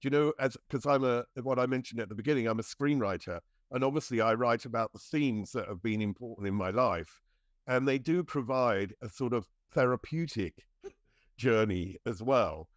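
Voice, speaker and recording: A man's voice: medium pitch, moderate pace, no echo, studio quality. A man hosting a podcast interview, asking long searching questions with many hesitations.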